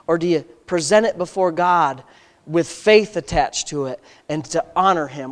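A fervent preacher in full sermon mode, chatting with the congregation one moment and booming the next. The delivery is folksy, full of rhetorical questions, and leans hard on each point. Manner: impassioned, swings from quiet asides to loud emphatic peaks.

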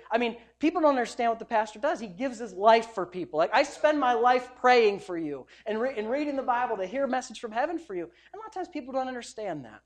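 A man, a pastor, preaching a sermon in an emphatic, conversational way, swinging between loud and soft. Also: very high-pitched, sing-song, quick pace, few pauses.

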